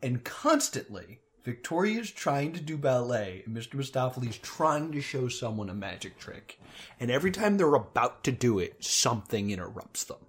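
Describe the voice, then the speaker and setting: A podcast co-host chatting casually, ranting in an exasperated, animated way and laughing between points. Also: mid-range voice, moderate pace. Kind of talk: casual chat.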